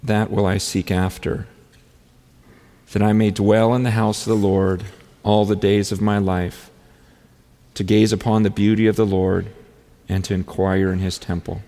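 A man preaching a sermon in an earnest, halting way, with many restarts, often rising into fervent, pleading prayer. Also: fairly low pitch, little pitch movement, dark tone. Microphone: handheld or stand mic on stage. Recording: long hall reverb.

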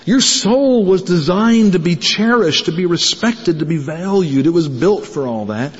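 A man with a high, husky voice gives an earnest conference talk to pastors. His words ring out with a long reverb, as if in a large hall. The recording sounds dull and lo-fi. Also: lively intonation, measured pace. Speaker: speaker addressing pastors.

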